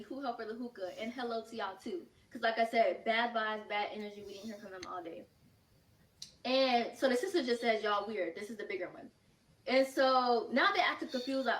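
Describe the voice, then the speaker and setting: A young woman telling a storytime vlog in a chatty, animated, slangy way, acting out what people said, a little out of breath. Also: a little high, brisk, background noise. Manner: chatty, animated, slangy retelling with quoted asides. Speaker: storytime vlogger. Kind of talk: casual storytime. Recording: echoey room, far from the mic.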